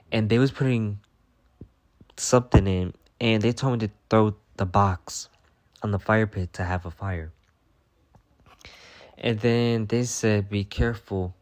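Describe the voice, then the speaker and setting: Man, vlogger, low-ish voice, casual profane storyteller who acts scenes out loudly. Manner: profane, animated, jumps into loud acted-out voices. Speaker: vlogger answering fan questions.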